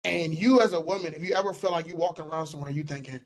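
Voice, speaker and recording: A young man holds forth on a casual podcast, fairly high in pitch. He is animated and emphatic and circles back over the same words to drive a point home. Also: rapid-fire, poor audio. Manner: animated, emphatic, repeats himself for stress. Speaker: podcast co-host. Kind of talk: casual opinionated chat.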